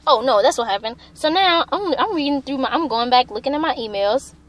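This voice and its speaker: A young woman vlogger telling a personal story casually, animated and profane, acting out what people said. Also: high voice, fairly quick. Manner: animated, profane, acts out quotes.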